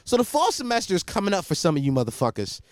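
Animated young man ranting on a podcast. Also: high voice, very fast, dry recording, clean studio sound. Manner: profane, animated, laughs at his own stories. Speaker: podcast host. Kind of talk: casual comedic rant.

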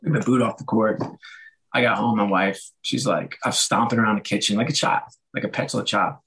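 A middle-aged man whose voice is a little hoarse, telling stories in a relaxed conversational way and acting out the lines of the people he quotes. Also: fairly low pitch, a little fast, poor audio. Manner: animated, acts out quoted dialogue. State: slightly hoarse. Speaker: guest, author and former sports executive. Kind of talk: casual conversational storytelling.

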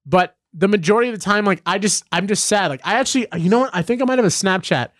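A young man with a slightly high voice rambles through sports stories, full of fillers and sudden excited jumps in pitch. His close, dry mic leaves no room sound at all. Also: quick pace, no room sound. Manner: animated, rambling storytelling with many fillers. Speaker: podcast co-host. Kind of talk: casual sports chat.

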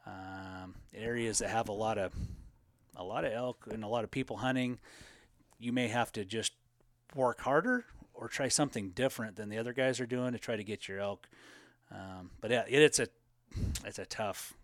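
A man co-hosting a casual live question-and-answer chat about elk hunting, talking in a relaxed, rambling way with plenty of fillers. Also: on the low side, normal speed, no echo, clean studio sound.

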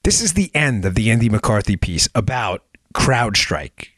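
A man's voice: fairly low pitch, very animated, unhurried, fairly bright tone, no echo, studio quality. A man hosting a political podcast, talking emphatically and sarcastically, firing rhetorical questions at his listeners. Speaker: podcast host. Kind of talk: political commentary monologue.

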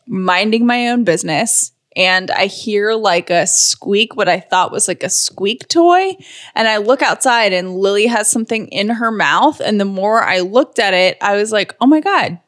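A woman co-hosting a casual podcast at home, talking fast and chatty. She sounds upset and close to tears as she tells her story, her voice sitting at an ordinary middle pitch. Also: fairly bright tone. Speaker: podcast co-host. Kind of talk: casual chat.

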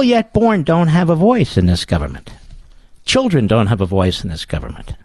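A man's voice: medium pitch, wildly swooping pitch, moderate pace, a little mellow, husky, dry recording, clean studio sound. A man hosting a political talk radio show, delivering a combative and sarcastic monologue.

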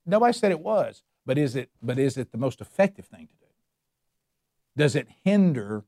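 A man's voice: on the high side, dark tone, dry recording, clean studio sound. A man teaching a Bible study, emphatic and repeating his points with rhetorical questions. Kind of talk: preaching a Bible study lesson.

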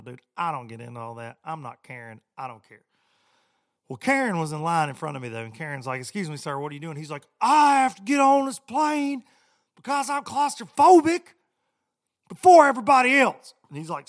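A man's voice: medium pitch, fairly bright tone, no room sound, studio quality. A middle-aged man hosting a podcast, telling a story in a chatty, rambling, self-deprecating way and talking straight to his listeners. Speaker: podcast host.

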